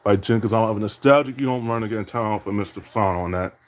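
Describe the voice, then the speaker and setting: A man's voice: on the low side, brisk. A man playing a basketball video game, calling his own plays and teasing his opponent with repeated catchphrases. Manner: trash-talking, teasing opponent; catchphrase-heavy, repeating "indeed". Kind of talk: self-commentary while gaming.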